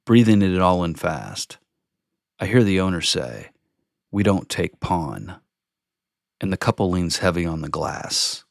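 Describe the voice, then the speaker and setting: A man reads his own poem in a very deep voice with a gravelly edge. He takes it slowly and calmly, with a measured, contemplative delivery. The sound is dry and close, with no room around it. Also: dry recording. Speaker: poet reading his own work. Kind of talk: slow reflective poetry reading.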